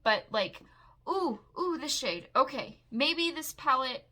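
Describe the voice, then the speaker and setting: Gushing, bright-voiced young woman vlogger. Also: sits high, slow. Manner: gushing, rambling, excitable. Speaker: makeup vlogger. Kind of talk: casual makeup haul chat. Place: at home.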